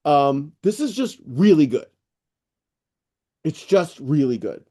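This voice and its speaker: A middle-aged man hosting an online AI news session, rambling and excitable, with lots of fillers and restarts. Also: a little high, slow pace. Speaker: host presenting AI news. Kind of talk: casual screen-share walkthrough on a live call.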